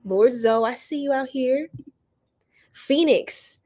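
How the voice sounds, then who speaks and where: A bubbly woman chats with her viewers on a live stream, greeting them by name and laughing often. Her voice sits a little high, and she drawls slowly with plenty of fillers. Her tone stays loose and friendly. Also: warm tone. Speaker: tarot reader and live stream host. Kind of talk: casual live stream chat.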